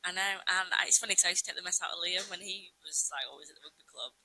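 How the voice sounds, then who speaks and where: A woman's voice: on the low side, racing, sharp tone, no echo, low-quality recording. A woman with a Yorkshire accent co-hosting a podcast, chatting casually in a cafe, laughing often and poking fun at herself. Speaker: podcast co-host. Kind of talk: casual chat.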